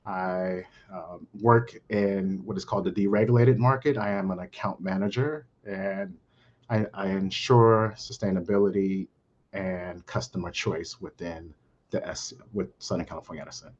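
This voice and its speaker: A middle-aged man from Brooklyn, under the weather, speaking on a panel in a halting way full of fillers. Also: low-pitched, steady tone, muffled recording. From Brooklyn, New York. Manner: halting, many fillers and restarts. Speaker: panel guest, account manager. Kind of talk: casual panel talk.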